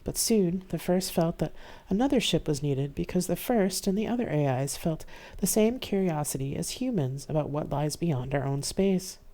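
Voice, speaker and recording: An author reads their own novel aloud on a live stream in a mellow, soft-toned voice. The delivery is steady and plain, telling the story in the first person. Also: medium pitch, normal speed, hardly any pauses.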